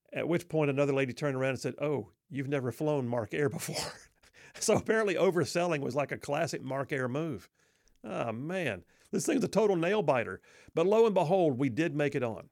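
A man's voice: fairly high pitch, lively intonation, moderate pace, gravelly, darkish tone, no echo, clean studio sound. A middle-aged man telling a humorous personal story in a wry, self-deprecating, folksy way.

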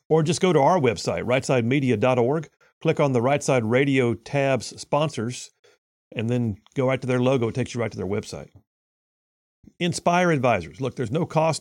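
A man's voice: mid-range voice, a little mellow, no echo. Man, radio talk host, folksy chatty delivery, dry close sound.

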